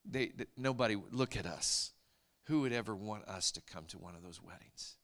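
A man preaching a sermon, telling a story in an earnest, soft-spoken way that sinks to a near whisper at tender moments. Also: fairly low pitch, normal speed. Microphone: handheld mic, later set aside to talk loud off-mic.

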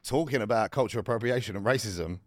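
A young man with a very deep voice co-hosts a casual podcast chat. He talks bluntly in slang and likes to explain things at length. The recording is dry, with no room sound at all. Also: fast, no echo. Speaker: podcast co-host.

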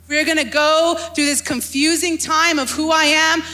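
A woman's voice: high voice, flat delivery, normal speed, sharp tone, faint music behind. A young adult woman pastor preaching a sermon, passionate and rising to fervent exclaiming.

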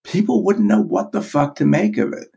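A man's voice: sits high, very animated, normal speed, gravelly, warm tone, husky. Profane, stammering man in casual interview. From Vermont. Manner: profane, repeats words and restarts sentences. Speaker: guest, band vocalist.

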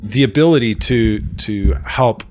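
A man co-hosting a casual movie podcast, talking in an animated way with many restarts. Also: mid-range voice, measured pace, a little hiss or hum. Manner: animated, restarts often, acts out quotes. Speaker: podcast co-host. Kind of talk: casual chat.

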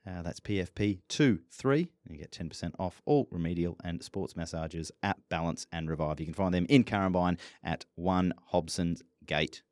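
A man reading a sponsor message in a plain, steady way. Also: deep voice, moderate pace, hardly any pauses. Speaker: podcast co-host reading an ad.

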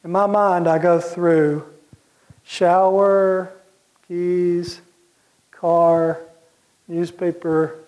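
Plain-spoken man with a high voice. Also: a little mellow. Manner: clears his throat now and then. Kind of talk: practical advice talk.

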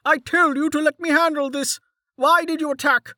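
A man reading aloud, voicing an irate short town mayor who shouts and scolds. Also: extremely high pitch, fairly even intonation, moderate pace, no room sound, clean studio sound, pitched above the performer's own voice, heavily acted. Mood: furious.

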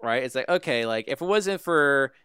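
A man with a smooth, resonant voice talks through a TV episode in relaxed podcast chat. The sound is dry and close, with no room around it. He keeps a friendly back-and-forth going and often asks "right?". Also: medium pitch, normal speed, no room sound. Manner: conversational, often seeks agreement with "right?". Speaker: podcast host recapping a TV show. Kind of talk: casual review chat.

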